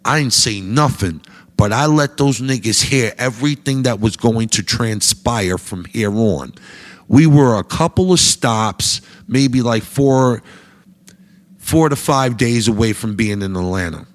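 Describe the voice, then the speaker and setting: A man telling a comic anecdote in a casual, profane, slangy way, getting animated as he goes. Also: mid-range voice, a little slow. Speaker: storyteller guest.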